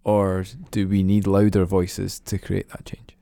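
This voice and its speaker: A man hosts an interview podcast, often restarting his questions. His voice is very low and gravelly, with a dark, mellow tone. It is recorded dry and close. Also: completely flat delivery, unhurried, no echo. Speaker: podcast host.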